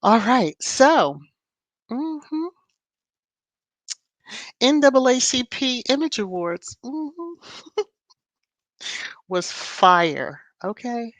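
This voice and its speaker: A woman's voice: a little high, big pitch swings, extremely slow, pauses often, dry recording. A woman hosting a casual livestream, chatting with viewers, greeting them by name and laughing often. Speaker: livestream host.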